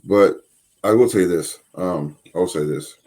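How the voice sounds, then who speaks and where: A man with an extremely deep voice, dark and mellow in tone, and a husky edge. He co-hosts a faith podcast and talks hesitantly, filling pauses with ums. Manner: hesitant, many ums and restarts. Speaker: podcast co-host. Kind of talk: faith-based podcast talk.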